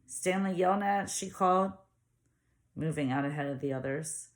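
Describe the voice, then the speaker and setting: Low-voiced woman reading a novel aloud. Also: moderate pace. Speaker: audiobook reader. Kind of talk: audiobook narration.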